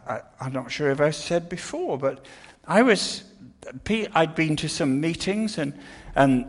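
An older man preaching an earnest sermon, often restarting his words. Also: fairly high pitch.

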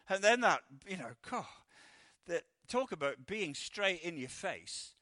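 A man preaching a conversational sermon, halting and restarting, acting out the quoted voices. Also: high voice, sing-song, pushed and bright, dry recording, studio quality.

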